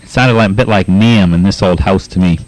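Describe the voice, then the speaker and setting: Low-voiced Boston man reading letters. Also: a little mellow, no echo, rough recording. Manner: laughs often, halting with many uhs. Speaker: pirate radio host. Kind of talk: casual on-air chat reading listener letters.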